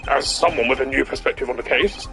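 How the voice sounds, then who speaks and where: A hoarse man voicing an older, easily impressed male judge who speaks in a formal, slightly bewildered way. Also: medium pitch, fast, pushed and bright, soft background music.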